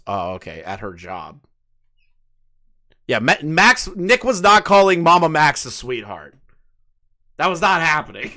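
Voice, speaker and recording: A man's voice: mid-range voice, sharp tone. Incredulous swearing man in his late twenties. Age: late 20s. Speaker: commentary host. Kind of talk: casual commentary reading messages aloud.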